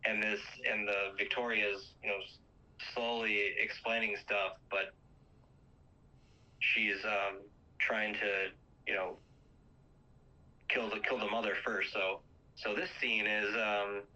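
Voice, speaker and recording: A man's voice: lowish voice, sharp tone, highs cut off. A man casually retelling a movie's plot, rambling with lots of fillers and acting out quoted lines.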